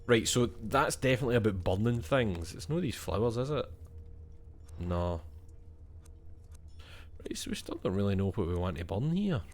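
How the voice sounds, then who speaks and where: Low-voiced Scottish gamer, swears a lot. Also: male voice, sing-song, normal speed, pauses often. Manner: chatty, swears freely, thinks aloud. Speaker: gaming streamer. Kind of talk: casual gaming commentary.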